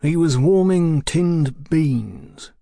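A man's voice: a little high, expressive, extremely slow, vocal fry, dark tone, no echo, clean studio sound, voice pushed up, exaggerated voice. A man voicing a dour, matter-of-fact Victorian detective in an audiobook. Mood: grim.

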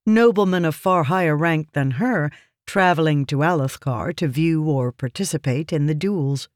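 A narrator reading a fantasy novel aloud in a measured, deliberate manner. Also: mid-range voice, no echo, studio quality. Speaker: audiobook narrator.

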